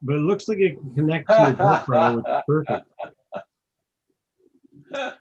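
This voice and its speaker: Man, husky voice, chatty and laughing, muffled lo-fi call sound. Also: on the high side, big pitch swings, quick pace, a little mellow. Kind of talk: casual group chat.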